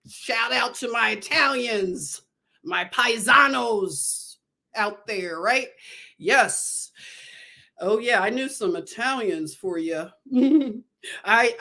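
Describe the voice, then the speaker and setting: Chatty Philly woman, slow and digressive. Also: a little high, pushed and bright. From Northeast Philadelphia. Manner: chatty, digressive, loses her thread. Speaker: nurse livestreamer. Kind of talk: casual livestream storytelling.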